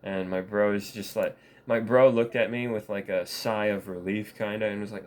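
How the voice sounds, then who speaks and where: A man with a somewhat low voice talks in a loose, rambling vlog monologue. He swears constantly and laughs often while he talks. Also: fairly even intonation, normal speed. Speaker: vlogger.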